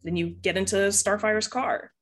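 A woman's voice: medium pitch, steady tone, moderate pace, fairly bright tone. A woman acting as game master of a tabletop game, narrating casually with many fillers.

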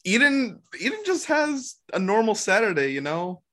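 A woman's voice: medium pitch, big pitch swings, normal speed, bright, forceful tone. A woman player describing her character in a laid-back, casual way. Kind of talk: playing a tabletop game.

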